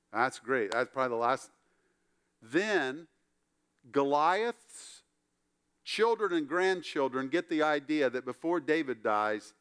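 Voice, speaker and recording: A man's voice: fairly high pitch, clear, resonant tone. A man preaching a sermon as the pastor, telling the story with acted-out quotes and wry asides.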